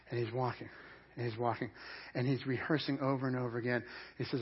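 A male pastor preaching a sermon, swinging between loud emphasis and hushed intensity. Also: medium pitch, flat delivery, fast, breathy edge. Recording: muffled lo-fi sermon recording. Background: church congregation.

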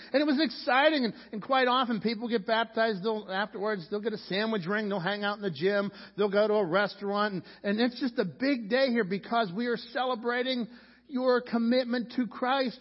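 A male pastor preaching a sermon in a church, talking in a loose conversational way and restarting his sentences often. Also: high-pitched. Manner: conversational, repeats words when starting sentences. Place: church sanctuary. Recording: dull sound, long reverb of a church hall.

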